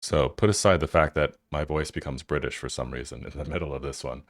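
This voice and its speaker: A man's voice: extremely low pitch, fast talker, no room sound, clean studio sound. A man hosting a tech channel, giving loose, casual commentary over his screen and thinking aloud with fillers.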